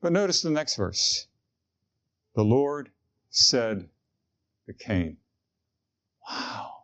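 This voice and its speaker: A man's voice: medium pitch, big pitch swings, extremely slow, a bit bright. A man preaching a sermon in an earnest, conversational way, asking his listeners questions. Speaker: pastor.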